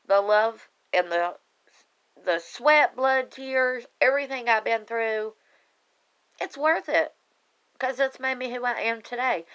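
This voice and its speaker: Talking directly to viewers on camera, this online group member recounts her life in a heartfelt, casual live video, earnest, emotional and slightly rambling. Her pitch is fairly high, with a creaky, fairly bright quality.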